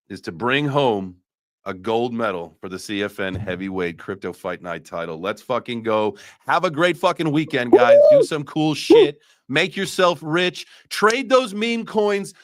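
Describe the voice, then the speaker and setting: A man's voice: medium pitch, no echo. Profane joking male crypto show host. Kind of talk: casual livestream chat.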